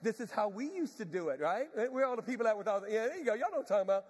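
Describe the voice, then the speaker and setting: Man preaching, very high husky voice, self-mocking storyteller, long hall reverb. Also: racing. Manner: animated, self-mocking, laughs often. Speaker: pastor. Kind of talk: storytelling sermon.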